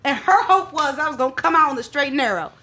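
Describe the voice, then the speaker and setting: A woman therapist, a podcast guest, telling personal stories in a candid, expressive way and often laughing as she talks. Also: sits high, fast. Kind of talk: candid storytelling in a group chat.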